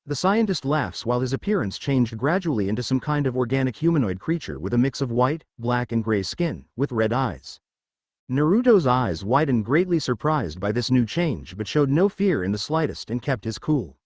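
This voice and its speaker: A man narrating a fan fiction story, reading steadily through the action. His pitch is lively and the sound is dry and close, with no room around it. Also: moderate pace, no echo.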